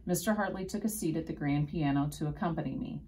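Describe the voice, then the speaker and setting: A woman reading a children's storybook aloud in steady first-person narration. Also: low voice, fast, low-quality recording.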